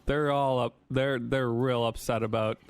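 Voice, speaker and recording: A man's voice: medium pitch, fairly even intonation, moderate pace, smooth, dry recording. Brief: man from Wisconsin, mid-range voice, dry close mic, wry sarcastic co-host. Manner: dry sarcastic asides, swearing. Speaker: podcast co-host. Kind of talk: casual podcast chat.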